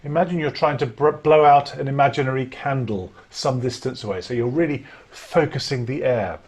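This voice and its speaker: A man coaching singers through a vocal warm-up, giving clear instructions and demonstrating breaths and lip trills. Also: mid-range voice, normal speed. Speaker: choir director. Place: home during lockdown.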